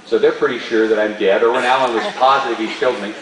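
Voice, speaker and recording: A man, a stunt performer, telling a story at a live Q&A in an animated way and laughing often. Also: medium pitch, fast, very noisy. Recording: roomy hall, distant mic.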